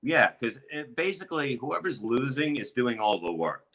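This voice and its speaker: A middle-aged man, a comedian, telling crude stories in a rambling, animated way with lots of restarts. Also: mid-range voice, moderate pace, low-quality recording. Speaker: comedian guest. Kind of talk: casual storytelling chat.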